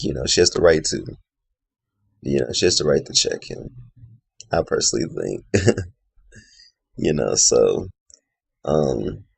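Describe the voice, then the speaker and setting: A man's voice: sits low, gravelly, breathy edge, dry recording. A man giving a casual, opinionated video review of a reality show, rambling with plenty of "you know" and "like".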